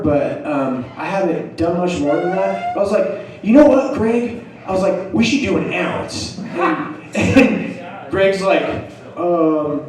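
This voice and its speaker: A man in the middle of a comic story, talking in a hyper, giggly rush and slipping into the voices of the people he quotes. His voice sits a little high for a man. The sound is very echoey and comes from a little way off the mic. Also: darkish tone, far from the mic. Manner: hyper, laughing, acts out quotes. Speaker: comedian telling a story. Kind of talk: storytelling stand-up.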